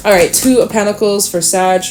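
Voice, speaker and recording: A woman giving a casual tarot reading, talking straight to the listener, chatty and swearing freely, animated at times. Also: medium pitch, fairly quick, soft background music. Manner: animated, with sudden laughs and exclamations. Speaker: tarot reader.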